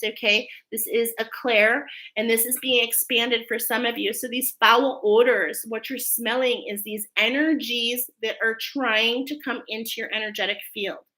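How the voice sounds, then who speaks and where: A woman reads oracle cards for her viewers. Her voice is bright and pointed, and her delivery is earnest, emotional and effusive. She ends many phrases with a checking "okay?". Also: on the high side, poor audio. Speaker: oracle card reader. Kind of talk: spiritual channeled reading.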